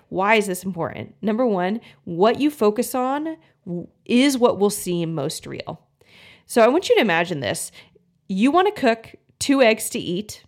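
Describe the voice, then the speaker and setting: A young woman talks to her listeners in a friendly, earnest podcast style, her voice sitting at an ordinary middle pitch. Now and then she jumps into quick, lively voices to act out anxious inner thoughts. She sounds like a coach talking someone through a problem. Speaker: podcast host, gut health coach. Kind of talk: casual solo podcast talk.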